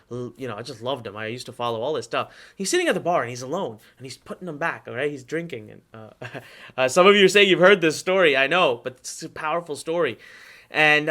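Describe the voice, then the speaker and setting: A man in his thirties, talking to his audience in a loose, chatty workshop manner. He checks in with them often as he tells a story and walks through his numbers. His voice sits somewhat high for a man. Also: pushed and bright. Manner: chatty storyteller, lots of "okay?" and "you know". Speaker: online marketing instructor. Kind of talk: live workshop teaching.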